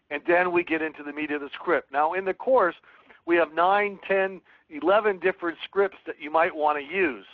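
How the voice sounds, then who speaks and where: Male webinar trainer, higher-pitched, earnest, heard through a tinny phone line. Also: normal speed, no room sound. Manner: earnest, reads sample calls aloud and coaches. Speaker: real estate sales trainer. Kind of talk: webinar teaching with script role-play.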